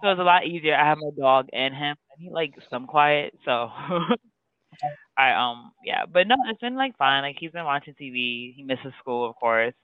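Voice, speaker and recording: A man with a fairly high voice chats loosely on a podcast, rambling through his points with plenty of "like" and "um". The sound is dry and tinny, as if over a phone line. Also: normal speed, clear, resonant tone, dry recording. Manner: rambling, filler-heavy, breaks into sung lines. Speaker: podcast co-host. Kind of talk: casual podcast chat.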